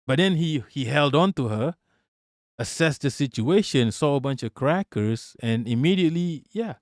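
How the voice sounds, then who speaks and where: A man's voice: mid-range voice, expressive, normal speed, no echo, clean studio sound. A man commenting on a video clip during a live stream, blunt and profane, often repeating himself when worked up.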